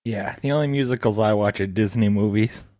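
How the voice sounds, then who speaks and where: A man's voice: fairly low pitch, fairly quick, darkish tone, no echo. A man co-hosting a podcast, giving dry, brief replies in casual chat. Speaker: podcast co-host.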